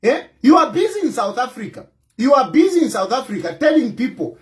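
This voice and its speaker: A man's voice: very high-pitched, big pitch swings, a little fast. A Zambian man with a Zambian accent, an opposition party leader giving impassioned political commentary, emphatic and scolding, repeating his points.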